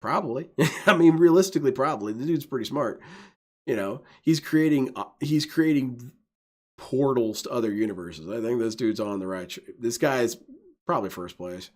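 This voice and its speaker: A man's voice: medium pitch, normal speed. A man giving enthusiastic, rambling let's-play commentary, often laughing. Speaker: gaming video host.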